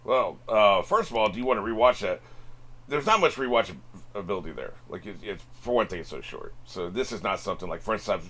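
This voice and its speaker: A man talks casually to his viewers, hosting a reaction video. His voice sits on the low side, and he rambles, doubling back on words and padding with fillers. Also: fairly bright tone. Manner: rambling, many fillers and restarts. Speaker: reaction channel host. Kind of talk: casual direct-to-camera chat.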